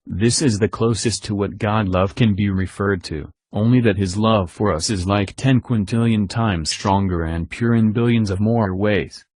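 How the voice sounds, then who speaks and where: Male text-to-speech voice, robotic, low pitch, dry recording, steady religious narration. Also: moderate pace, hardly any pauses, no room sound. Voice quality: robotic synthetic voice.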